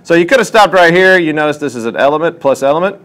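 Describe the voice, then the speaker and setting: A man talks fast in a fairly high voice while tutoring chemistry students in a classroom. He questions them as he works through problems, with the lively, probing manner of a teacher giving a lesson.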